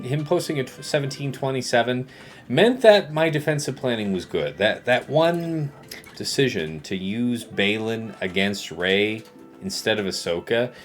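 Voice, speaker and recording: A man casually commentating his game stream, chatting with viewers and joking back at their messages, with faint music behind him. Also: medium pitch. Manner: chatty, joking replies to chat.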